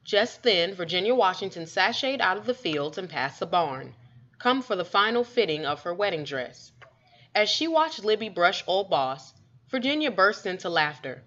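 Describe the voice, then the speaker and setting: A woman reading a children's story aloud with expressive, lively storytelling. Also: on the low side, moderate pace. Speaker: storybook reader. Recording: dull lo-fi recording.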